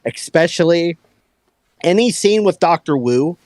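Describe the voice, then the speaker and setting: A man on a headset mic, hosting a casual movie talk and acting out quotes with lively energy. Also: on the high side, a little slow, no room sound. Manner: animated, acts out quotes, talks to his dog. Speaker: podcast host.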